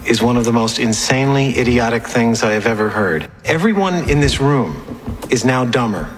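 An actor playing a stern male official delivering a slow, withering put-down in a film clip. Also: mid-range voice, lively intonation, lightly acted.

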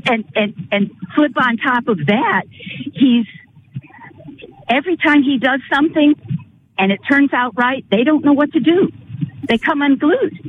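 A man's voice: very high voice, unhurried, pauses often. An earnest man calls in to a talk radio show, his voice squeezed through a tinny phone line with a faint hiss behind it. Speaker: caller.

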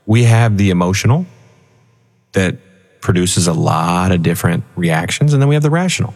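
A man co-hosting a financial radio show, explaining retirement money choices through animated stories and acted-out voices. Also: low voice, normal speed, in a large hall. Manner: animated storytelling, acts out voices in quotes. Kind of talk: conversational financial advice.

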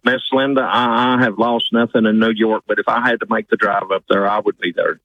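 A man's voice: fairly low pitch, steady tone, a little fast. A man with a Southern US accent calling in to a radio show, polite and earnest, addressing the host as sir. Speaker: caller, truck driver. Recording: muffled phone line.

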